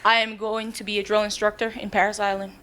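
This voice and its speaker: A woman's voice: mid-range voice, level tone, fast, a bit bright, a little hiss or hum. A woman who serves as an active-duty Marine sergeant, speaking up from the audience at a live event, direct and good-humored. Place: restaurant event room.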